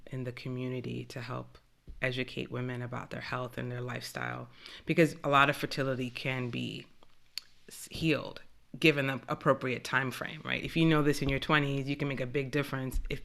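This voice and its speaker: A woman's voice: rumbling low, gravelly, a bit bright. A woman hosting an interview who speaks in a passionate, emphatic way. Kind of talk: casual interview chat.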